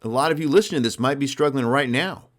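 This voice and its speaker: A man hosting a motivational sales podcast, talking in an emphatic, energetic, conversational way. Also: mid-range voice, fast. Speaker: sales coach and podcast host.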